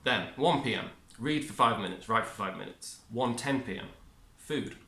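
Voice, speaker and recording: A man's voice: medium pitch, expressive, normal speed, pushed and bright. A man giving a rambling, upbeat self-help monologue, often cutting himself off mid-word. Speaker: vlogger. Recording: echoey room.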